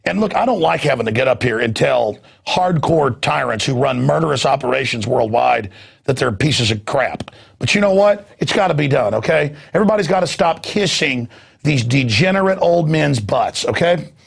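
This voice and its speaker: A man's voice: expressive, moderate pace, gravelly, husky. A middle-aged man hosting a news show, delivering an impassioned political monologue with ranting outbursts. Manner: ranting, mocks others in shrill put-on voices.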